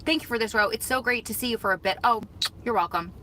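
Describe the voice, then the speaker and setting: A woman's voice: on the high side, fast, sharp tone, slight background noise, rough recording. A woman hosting a casual live stream from a parked car, chatting and reacting to viewer comments on her phone. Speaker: livestream host reading viewer comments. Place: parked car in a store parking lot.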